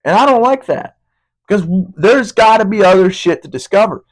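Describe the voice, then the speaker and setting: A man's voice: sits high, lively intonation, normal speed, rough recording. A young man hosting a podcast, talking in a casual, rambling monologue that is heavy with swearing. He often hunts for words, and his voice keeps cracking. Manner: profane, rambling, searching for words. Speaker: podcast host.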